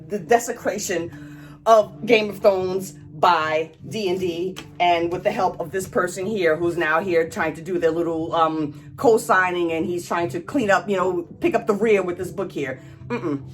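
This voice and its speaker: A woman's voice: on the low side, soft background music. Angry ranting woman vlogger. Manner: angry, emphatic, drawn-out stresses. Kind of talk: ranting commentary.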